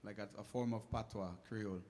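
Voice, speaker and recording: A man's voice: fairly low pitch, steady tone, brisk, mellow. A man with a Caribbean English accent, a touring musician chatting and joking with a live audience between songs, laughing often at his own self-deprecating jokes.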